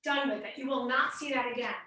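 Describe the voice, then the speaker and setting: Leading a workout class while exercising, this fitness coach is upbeat and encouraging, with a light Midwestern American accent. She talks fast in a high, sharp-toned voice, picked up from afar in a very echoey room.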